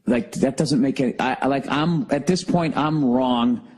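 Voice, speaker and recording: Husky-voiced man ranting profanely. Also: medium pitch, normal speed, a little mellow, rough recording. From United States. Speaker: podcast host. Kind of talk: solo comedic rant.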